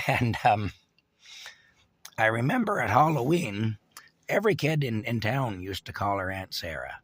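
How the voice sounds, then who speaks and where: A man's voice: fairly low pitch, very animated, measured pace, pauses often, fairly bright tone, no room sound. A man casually reminiscing about his childhood hometown, rambling with fillers, restarts and chuckles. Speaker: storyteller.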